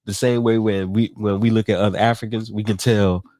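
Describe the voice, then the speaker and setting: A man's voice: fairly low pitch, fairly even intonation, fairly quick, darkish tone, no room sound, studio quality. A man co-hosting a casual podcast chat, easygoing and agreeable, teasing his partner with questions. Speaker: podcast co-host.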